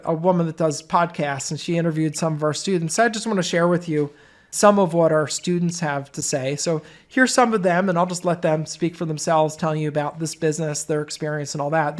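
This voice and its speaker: A business course instructor with a fairly high-pitched voice talks fairly quickly. His course presentation is informal, and he tells stories in a conversational way.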